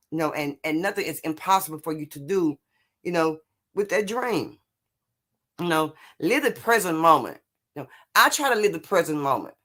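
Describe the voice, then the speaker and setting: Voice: mid-range voice, a bit bright. Rambling live stream host, casual motivational talk. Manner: rambling and repetitive, constantly asking "you know what I'm saying"; answers viewer comments while talking. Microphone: streaming setup.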